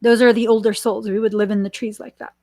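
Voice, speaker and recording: A woman hosting a spiritual podcast, speaking slowly and earnestly and repeating her warnings. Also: a little high, level tone, a little mellow, dry recording. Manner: slow, earnest and warning, with repetitions. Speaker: podcast host. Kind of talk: spiritual channeling chat.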